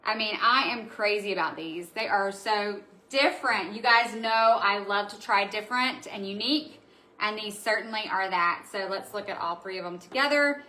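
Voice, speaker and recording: A woman's voice: mid-range voice, moderate pace, sharp tone. A woman hosting a live craft supply show, chatty and gushing as she reads out viewer comments. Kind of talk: casual live-stream product showcase. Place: indoor room at home.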